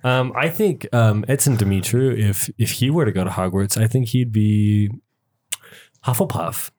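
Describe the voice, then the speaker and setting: A man's voice: lowish voice, normal speed, a little mellow. A man playing in a tabletop game podcast, joking around in casual chat. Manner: joking, playful. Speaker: player.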